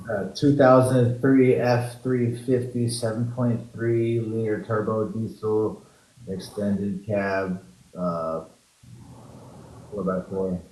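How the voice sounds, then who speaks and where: A man's voice: fairly low pitch, little pitch movement, very slow, pauses often, warm tone. A man being interviewed in a casual chat, giving short, laid-back answers with sighs and fillers. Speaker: interview guest. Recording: echoey room, faint background noise.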